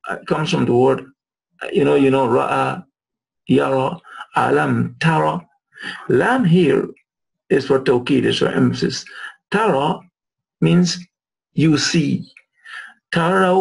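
A man's voice: a little high, gravelly, slightly rough, poor audio. A man teaching Arabic words of the Quran, repeating and restating terms as he explains them. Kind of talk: recorded lesson explaining verses.

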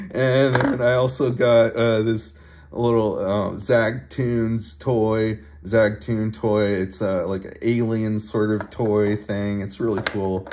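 A man casually showing off his toy collection, giggling often and talking haltingly with many fillers and restarts. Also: lowish voice, fairly even intonation, a little mellow, slight background noise. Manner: giggly, laughs often between phrases. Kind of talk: casual show-and-tell video.

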